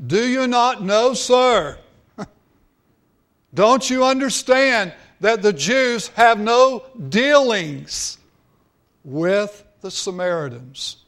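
A man's voice: sits high, lively intonation, takes it slowly, hardly any pauses. A male preacher voicing a surprised Samaritan woman at a well, incredulous and raised.

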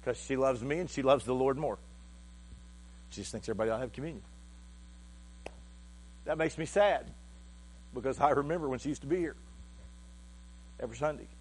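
A male pastor preaching with a mid-range voice, halting and heartfelt, stumbling over repeated words. A low mains hum runs under the recording. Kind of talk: sermon.

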